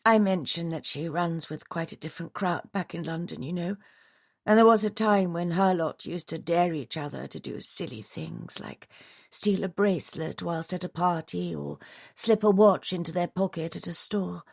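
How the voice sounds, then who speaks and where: A woman's voice: fairly low pitch, moderate pace, gravelly, a little mellow, no echo, studio quality. A woman voicing a distraught middle-aged widow, her voice pleading, teary and strained as it rises.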